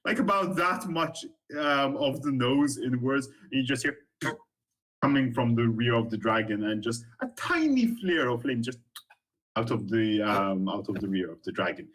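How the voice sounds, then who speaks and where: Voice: mid-range voice, expressive, normal speed, fairly bright tone. A game master narrating a tabletop role-play session, rambling with frequent ums.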